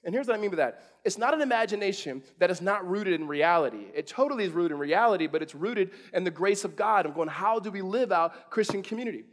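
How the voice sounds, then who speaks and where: A man's voice: high-pitched, lively intonation, fast talker, hardly any pauses. A man, preaching a sermon in a casual storytelling way, full of restarts and fillers. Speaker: pastor.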